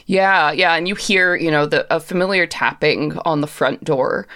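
A woman's voice: low-pitched, normal speed, fairly bright tone. A woman narrating a tabletop game as game master, chatty and hesitant, with many fillers.

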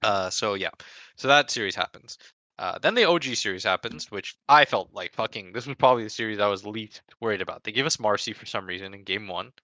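A man telling a story about a tournament in casual podcast chat, animated and full of swearing. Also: lowish voice, fairly quick, no room sound. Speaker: pro esports player recounting a tournament.

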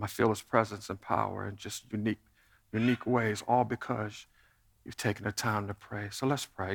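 A middle-aged man, the pastor, giving an earnest, conversational sermon to his church that drops to a soft hush in prayer. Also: medium pitch. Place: church sanctuary. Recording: long reverb of a large church hall.

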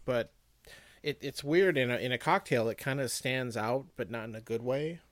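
A man's voice: medium pitch, moderate pace, no echo. A man chats loosely as a podcast co-host. He rambles and often stops to restart his sentences. His tone is easygoing and conversational. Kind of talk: casual chat.

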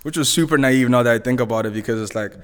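A man's voice: mid-range voice, rapid-fire, big-room sound. Laid-back young man from Zimbabwe. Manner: laid-back, laughs often, chatty slang. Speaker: podcast guest. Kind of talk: casual storytelling.

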